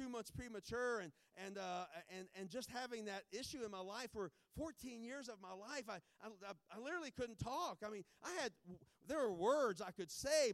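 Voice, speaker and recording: Man pastor, high voice, smooth and clear, dry close sound, joking and rambling. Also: dry recording. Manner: joking and rambling, with many restarts. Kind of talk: informal talk before a sermon.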